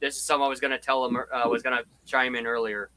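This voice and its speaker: A man's voice: mid-range voice, little pitch movement, fast, bright, forceful tone, rough recording. A young man chatting on a live stream, hesitant and full of "like" fillers. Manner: hesitant, fills with "like". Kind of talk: casual group chat on a live stream.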